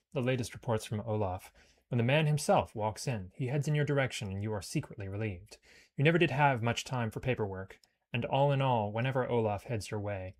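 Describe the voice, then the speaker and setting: A man playing a space game, chatting casually and reading its story text aloud, with relaxed muttered asides. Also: mid-range voice. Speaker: let's play host.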